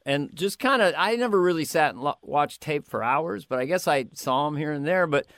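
A male comedian chatting in an interview, lively and quick to slip into impressions. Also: on the high side, no echo, studio quality. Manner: animated, slips into quick impressions and sings snatches. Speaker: comedian guest. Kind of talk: casual interview chat with impressions.

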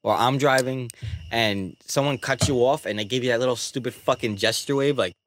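A man's voice: medium pitch, brisk, a little hiss or hum. A man in his twenties, a podcast co-host joking in casual chat who acts out voices in his stories. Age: 20s.

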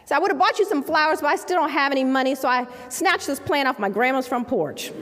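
A woman's voice: sits high, expressive, fast talker, a bit bright, a little hiss or hum. A woman quoting a distraught young man who was a former client, repeating himself as he pleads and his voice rises with emotion, in a reverberant hall. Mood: apologetic. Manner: pleading, repetitive, rising with emotion.

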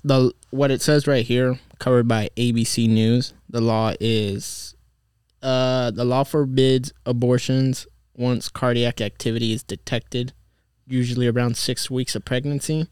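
A man's voice: mid-range voice, steady tone, measured pace, a little mellow, clear, resonant tone, dry recording, studio quality. A man co-hosting a casual podcast, joking loosely and swearing a lot. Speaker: podcast co-host.

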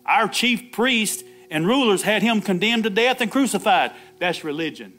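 A man's voice: high-pitched, animated, moderate pace, a bit bright, faint music behind. A man preaching an Easter sermon, laughing often, calling out "Amen" and acting out the Bible dialogue himself. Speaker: pastor.

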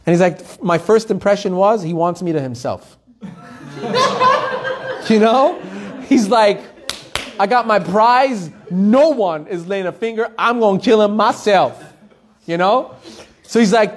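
Male Torah teacher, fairly high voice, lively storyteller who acts out the people in his tales. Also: measured pace, long pauses. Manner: animated storytelling, acting out the people in his stories.

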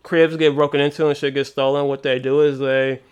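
A man's voice: medium pitch, flat delivery, brisk, clean tone. A young man in casual chat, telling stories in a laid-back, slangy way.

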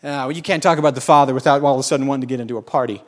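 A man in his forties preaching a sermon, folksy and joking with the congregation, swinging between loud exclamations and quiet asides. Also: medium pitch, fairly even intonation, racing. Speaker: pastor.

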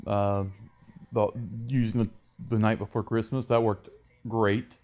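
A man's voice: lowish voice, flat delivery, a little slow, a little mellow. A man co-hosting a podcast, chatting casually and enthusiastically, often restarting his sentences. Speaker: podcast co-host. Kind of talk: casual chat.

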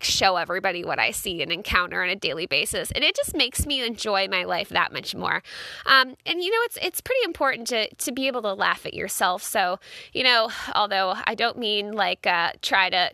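Young woman, podcast host, chatty, rambling, says "like" a lot, bright voice, dry close sound. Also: mid-range voice, no room sound. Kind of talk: casual podcast monologue.

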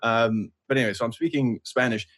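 A man's voice: medium pitch, a little fast, fairly bright tone, breathy edge. A young Canadian man co-hosting a podcast, telling jokey, rambling stories in casual chat. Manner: chatty, jokey, rambling storyteller. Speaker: podcast co-host.

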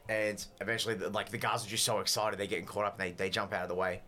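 A man's voice: fairly low pitch, little pitch movement, rapid-fire, few pauses, bright, forceful tone. A man narrating a tabletop game as game master, slipping into character voices.

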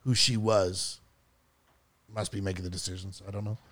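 A man co-hosting a podcast in casual chat, rambling and repeating himself with halting starts. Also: low voice, little pitch movement, a bit bright. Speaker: podcast co-host.

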